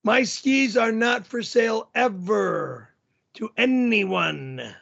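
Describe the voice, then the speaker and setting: A middle-aged man hosting a livestream, shouting and cursing in an explosive, profane rant. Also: high voice, animated, slow pace, gravelly, dull audio. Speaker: show host.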